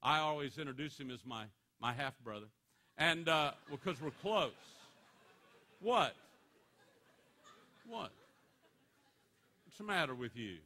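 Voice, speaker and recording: A man addresses a room of students as a motivational speaker, spinning animated, joking stories. His voice sits a little high and comes across bright and forceful. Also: a little fast.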